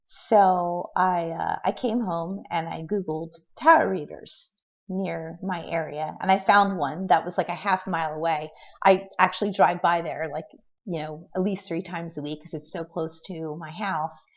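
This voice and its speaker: A woman's voice: fairly low pitch, unhurried. A middle-aged woman telling a personal story in a casual vlog, rambling with restarts and fillers and acting out what people said. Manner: tends to act out quotes in a lively way. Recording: dull lo-fi recording.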